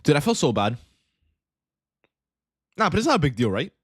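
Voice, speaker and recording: A man's voice: on the high side, big pitch swings, normal speed, a bit bright, breathy edge, no room sound, studio quality. A young man hosting a livestream, telling a rambling casual story and saying bro a lot. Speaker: livestream host, day trader.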